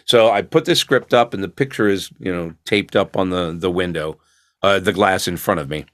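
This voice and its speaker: A relaxed older man with a low voice, recorded dry and close over a video call. He tells stories in a loose, rambling way and slips into quoted voices now and then. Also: normal speed, no room sound. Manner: laid-back rambling storyteller, acts out quoted lines. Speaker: voice actor guest. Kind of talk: casual storytelling chat.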